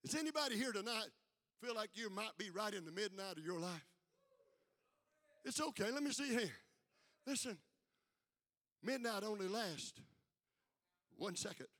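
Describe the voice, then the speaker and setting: An older man preaching a fiery sermon, building from quiet talk to shouted peaks and calling out for responses. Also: high voice, animated, moderate pace, long pauses. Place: church sanctuary with congregation. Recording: live hall with long reverb.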